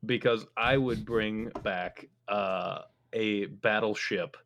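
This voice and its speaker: A man co-hosting a podcast in casual chat, telling jokey stories with quick put-on voices and laughing often. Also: fairly low pitch, steady tone, fairly bright tone. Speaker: podcast co-host. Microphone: headphones.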